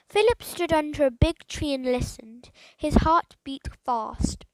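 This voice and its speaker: Audiobook narrator, woman, high voice, expressive storytelling, dry close recording. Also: no room sound, low-quality recording.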